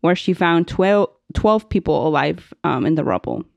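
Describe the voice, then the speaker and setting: A young woman with a lowish voice co-hosts a casual podcast. She giggles between sentences and reads from her notes in a chatty way. The recording is dry and close. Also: animated, normal speed, gravelly, no room sound, muffled recording. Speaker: podcast co-host. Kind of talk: casual chat, reading notes.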